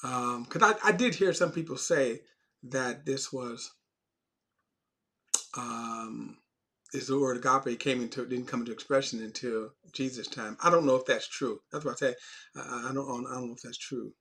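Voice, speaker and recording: A man's voice: medium pitch, normal speed, pushed and bright. A man teaching an informal Bible class in a conversational way, often restarting phrases and stressing key words.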